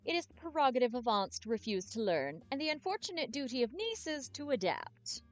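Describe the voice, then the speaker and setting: A spirited, sharp-tongued young heroine from a game, read by a woman. Her speech is brisk, her pitch jumps about, and faint music plays behind her. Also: very animated.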